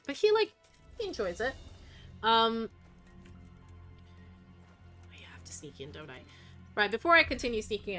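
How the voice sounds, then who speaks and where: Gaming and talking at once, this Russian-accented streamer, whose first language is Russian, rambles casually and curses without holding back. Her voice is a little high, bright, and forceful.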